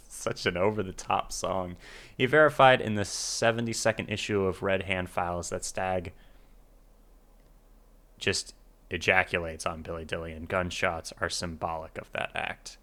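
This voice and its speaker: A man with a very low, deep voice hosts a casual music reaction video. He reads notes aloud and lets his remarks trail off quietly between them. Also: fairly even intonation, measured pace, long pauses. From United States. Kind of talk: casual reaction commentary reading annotations.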